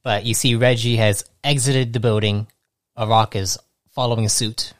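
A man running a tabletop game as game master, narrating in a halting way with many restarts. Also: mid-range voice, fairly even intonation, no echo, studio quality. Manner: halting, restarts often, laughs easily.

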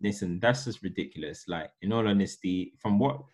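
Husky man, blunt banter. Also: sits low, brisk, darkish tone. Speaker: podcast co-host. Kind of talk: casual chat.

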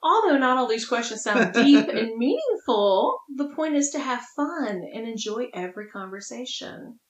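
Teasing woman podcast co-host, lively pitch. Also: normal speed, reverberant, poor audio. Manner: teasing, playful, laughs often. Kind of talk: casual chat.

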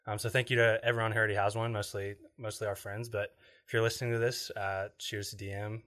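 Guy cohosting a podcast, lowish voice, laughs a lot telling stories. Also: flat delivery, fast, fairly bright tone. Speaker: podcast co-host. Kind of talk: casual podcast chat.

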